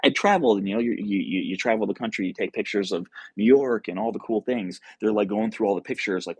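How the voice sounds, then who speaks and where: Young man, livestream host, rambling storyteller, husky, very low voice. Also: quick pace, few pauses, no room sound. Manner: rambling, filler-heavy storytelling with many restarts; reads viewer comments aloud.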